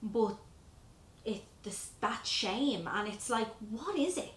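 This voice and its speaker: An Irish woman hosting a podcast, chatting and telling stories in an animated way. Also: a little high, takes it slowly. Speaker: podcast host, lash artist. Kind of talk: casual chat. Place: room in a lash salon. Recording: roomy echo.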